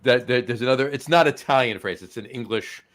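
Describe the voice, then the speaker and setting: A man with a middle-range voice co-hosts a relaxed chat, ribbing his partner and the guest with playful jokes. He speaks in a loose, bantering way. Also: mid-range voice, brisk. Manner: joking, teasing the others. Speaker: co-host. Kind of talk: casual chat.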